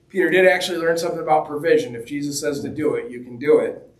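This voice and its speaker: A man's voice: on the high side, fairly even intonation, quick pace. A man preaching a sermon in a conversational, joking way, acting out the quoted lines as he goes. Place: church hall. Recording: roomy echo, mic at a distance.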